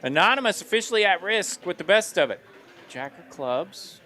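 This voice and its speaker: A man's voice: sits high, lively intonation, moderate pace, bright, forceful tone. A man calling live poker play-by-play in an upbeat manner, laughing easily. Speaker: poker commentator.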